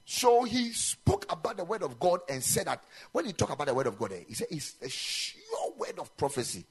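A man preaches in a chapel, his voice slightly high and husky. He swings widely up and down in pitch as he drives his points home. He slips local-language phrases into his sermon. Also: huge pitch swings, brisk. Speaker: pastor.

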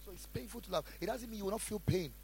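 A man preaching a sermon as a pastor, asking the congregation questions and swinging between shouted lines and quiet asides. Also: sits high, racing, slight background noise, rough recording. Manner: preaching with call-and-response questions.

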